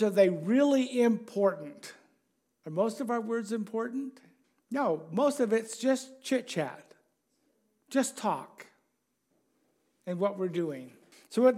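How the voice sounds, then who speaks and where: High-voiced man preaching a sermon. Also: darkish tone. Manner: conversational, chuckling, asks the congregation questions.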